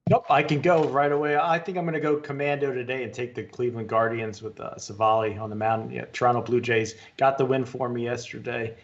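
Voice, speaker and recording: A man on a sports betting panel, giving his picks in a steady, matter-of-fact way. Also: mid-range voice, fairly quick, hardly any pauses, lo-fi sound. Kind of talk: casual sports betting chat.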